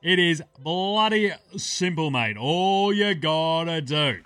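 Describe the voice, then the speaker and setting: Bloke doing a cheesy aussie tv cook, bright high-ish voice, slow broad ocker drawl. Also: male voice, animated, smooth. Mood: boisterous. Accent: Australian. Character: brash blokey Aussie TV cooking show host, man. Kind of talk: comedy cooking-show parody.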